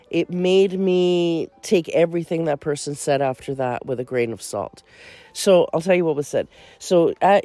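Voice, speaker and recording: A woman's voice: sits low, warm tone, no echo. A woman hosting a faith podcast, talking earnestly in a monologue that turns incredulous and indignant. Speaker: host.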